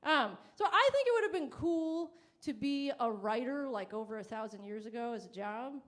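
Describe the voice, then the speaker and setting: A woman with a high, light voice works through a stand-up set. Her delivery is deadpan and self-mocking, and she briefly acts out the people in her stories. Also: moderate pace. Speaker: stand-up comedian. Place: comedy stage. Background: audience laughter.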